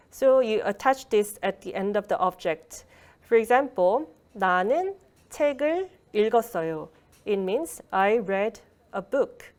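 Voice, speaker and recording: A woman teaches an online workshop at a middle pitch. She explains patiently and pauses often with fillers, and her voice comes through a video call. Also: darkish tone. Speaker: Korean language lecturer.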